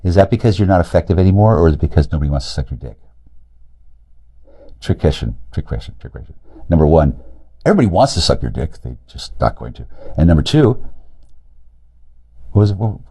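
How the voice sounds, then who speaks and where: A man in a rambling, profane monologue, agitated and jumping between loud outbursts and low mutters. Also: sing-song, husky. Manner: profane, agitated, rapid loud and quiet swings. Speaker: streamer talking to camera.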